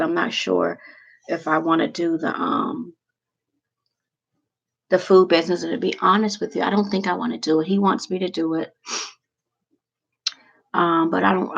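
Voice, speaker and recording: A woman's voice: on the low side, creaky, dull audio. A woman vlogger chatting casually and emotionally to her viewers, rambling from one thing to the next.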